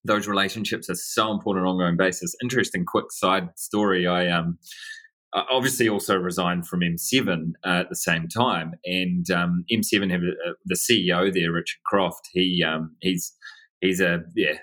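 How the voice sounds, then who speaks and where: A man, a company co-founder telling anecdotes in a relaxed interview, laughing often. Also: low voice, normal speed. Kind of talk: casual storytelling interview.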